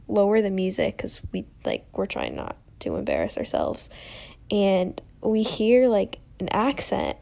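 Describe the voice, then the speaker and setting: A woman's voice: mid-range voice, gravelly. A young woman hosting a podcast, telling a story in a chatty way full of "like" and "um", acting out what people said. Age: young adult. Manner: chatty, lots of "like" and "um", animated quoting. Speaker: podcast host. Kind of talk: casual storytelling.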